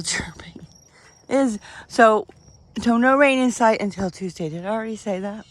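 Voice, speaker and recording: A woman, chatting casually and rambling as she does yard work outdoors, holding the camera close to her face. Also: medium pitch. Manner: chatty, rambling, laughs often. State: out of breath at times. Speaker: vlogger. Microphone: handheld camera close to face.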